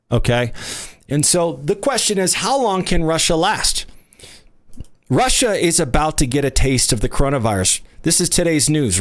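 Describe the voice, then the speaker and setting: A man's voice: medium pitch, no echo. A man giving emphatic, unscripted market commentary, full of rhetorical questions and restarts. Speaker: oil investment company presenter.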